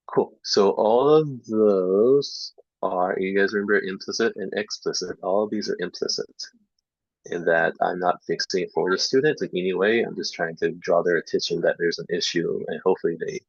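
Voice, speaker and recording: Relaxed male teacher trainer, gravelly and low, chatty with fillers, muffled dry lo-fi sound. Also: no room sound. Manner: relaxed, filler-heavy, demonstrates errors by repeating them. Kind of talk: casual online teaching talk. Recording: dull lo-fi dry online recording.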